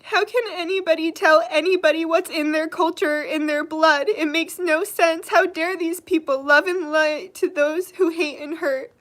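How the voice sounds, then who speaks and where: A young woman hosting her channel, crying as she speaks, hurt and indignant, with halting restarts. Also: very high-pitched, steady tone, a bit bright. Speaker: channel host. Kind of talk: emotional livestream vlog.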